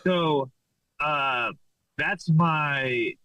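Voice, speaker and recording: A man from Los Angeles, a fighter, being interviewed as a podcast guest and speaking in a laid-back, halting way with lots of repeated words. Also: on the high side, pushed and bright, dry recording, poor audio. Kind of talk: casual interview chat.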